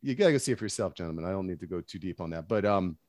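A man's voice: low-pitched, expressive, very fast, darkish tone, no room sound. Easygoing storytelling man, dry sound. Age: late 30s. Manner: easygoing storyteller, lots of fillers. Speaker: podcast guest. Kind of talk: casual chat.

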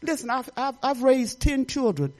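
A woman's voice: high-pitched, sing-song, moderate pace, a little mellow. An older woman giving a rambling, chatty testimony at church, often laughing and restarting her sentences.

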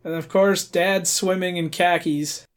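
A man's voice: high voice, steady tone, measured pace. A man co-hosting a podcast, giving casual commentary on a movie with dry, observational remarks. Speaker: podcast co-host.

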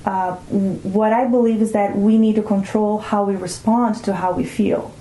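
A woman speaks as a mindfulness teacher in an interview, calm and reflective, slowing down on key words. Her voice is mellow and soft-edged. The room around her adds a noticeable echo. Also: mid-range voice. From Brazil. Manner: calm, reflective, often slows to stress words. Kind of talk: explanatory interview talk. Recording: roomy echo.

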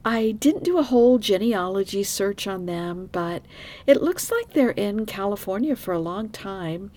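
A woman's voice: mid-range voice, lively intonation, a little slow, mellow. A woman hosting a true crime podcast, telling the case in a frank, opinionated, conversational way with asides to her listeners. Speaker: podcast host.

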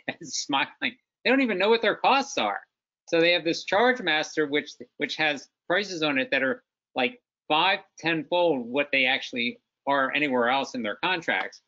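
A man speaking as a panel guest on a webinar, talking in an animated, conversational way. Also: on the high side, dull audio. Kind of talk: webinar discussion.

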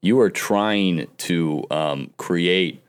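A man's voice: low-pitched, extremely slow, clear, resonant tone. A man, a comedian guest on a podcast, chatting casually and laughing often. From Chicago. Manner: loose, joking, laughs often.

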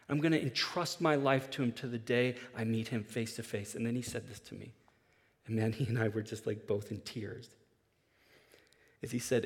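A man's voice: medium pitch, steady tone, moderate pace. Man in his forties, pastor, earnest sermon delivery; voice carries long reverb of a large hall. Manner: earnest storytelling, rising in intensity with repeated restarts.

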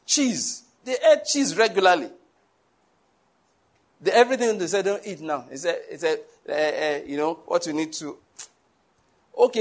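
High-pitched preacher guy, gets loud, keeps asking the crowd stuff. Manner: animated, rises to shouts, asks the congregation questions. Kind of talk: sermon.

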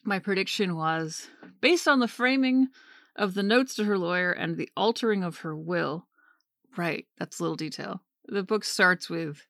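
A woman's voice: normal speed, dry recording, clean studio sound. A woman in her thirties co-hosting a book podcast, chatting casually and acting out quotes with animation. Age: 30s. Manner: animated, acts out quotes in a higher voice. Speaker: podcast co-host. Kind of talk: casual book-discussion chat.

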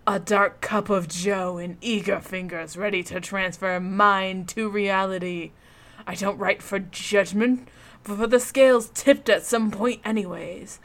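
A woman in a mid-range voice reads a forum post slowly and mock-dramatically. Laughter keeps slipping into her reading. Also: medium pitch, steady tone, fairly bright tone.

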